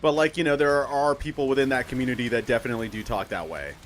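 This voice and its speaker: A man's voice: medium pitch, fast, faint music behind. Rambling man explaining casually. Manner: rambling, many fillers and restarts. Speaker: streamer teaching astrology. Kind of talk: casual explanatory chat while gaming.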